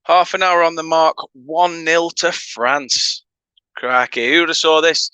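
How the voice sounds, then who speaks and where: Speaking slowly with a slightly high, sharp voice, this fan channel host from the north of England runs a relaxed football watchalong. He mixes play-by-play remarks with laughing asides and chat with viewers, and the sound is clean with no room echo.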